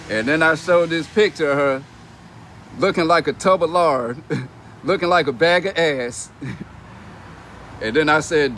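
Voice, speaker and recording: A man's voice: a little high, measured pace, long pauses, fairly bright tone, a little hiss or hum. A young man on a casual livestream, reading comments aloud and mocking them in a brash, profane way, laughing between lines. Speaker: reality TV personality reading comments on a live stream.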